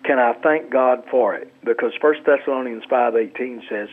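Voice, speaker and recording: Earnest pastor on a tinny phone line. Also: male voice, medium pitch. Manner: earnest, halting with many restarts. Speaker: pastor and author, guest. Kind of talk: Christian radio talk.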